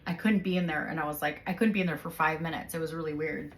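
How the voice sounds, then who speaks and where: Host, woman, 40s, low-ish voice, casual and animated explainer. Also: fast talker. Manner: animated, explains with vivid everyday scenarios. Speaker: host interviewing her husband.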